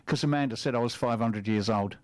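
A man's voice: mid-range voice, brisk, a little hiss or hum. A man co-hosting a radio show, chatting with dry, teasing remarks. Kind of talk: casual radio chat.

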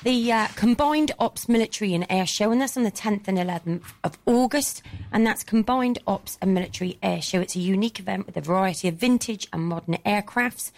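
A woman's voice: medium pitch, brisk, few pauses, a little mellow. A woman from England co-hosting a local radio show in a studio, reading out event listings and telling stories with a laugh. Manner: chatty, laughing storyteller. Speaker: radio co-host. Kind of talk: casual radio chat.

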